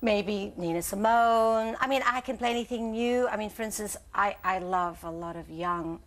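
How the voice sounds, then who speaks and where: A woman in her sixties, chatting as a guest on a morning show, lively and given to laughing. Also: medium pitch, normal speed. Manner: chatty, laughing, breaks into song. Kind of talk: casual chat.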